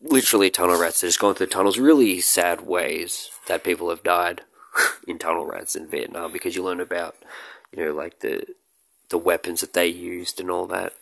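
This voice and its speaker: A man's voice: sits low, steady tone, moderate pace, creaky, no echo. A man talking casually to his audience in a rambling, joking way about films he likes. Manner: joking, rambling, with loud shouted bits and laughs. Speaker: movie vlogger. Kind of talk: casual rambling talk to camera.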